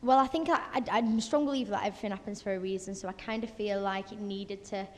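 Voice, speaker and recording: A woman's voice: medium pitch, fairly even intonation, fast. Young woman, chatty singer in an interview, reverberant office, faint background noise. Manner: chatty, many fillers and restarts. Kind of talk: casual interview chat. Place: office space. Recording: long reverb in an office space.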